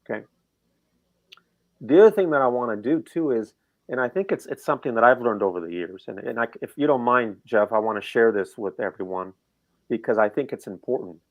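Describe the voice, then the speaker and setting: A middle-aged man co-hosting a sports betting show, talking casually and animatedly, rambling and firing off rhetorical questions. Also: medium pitch.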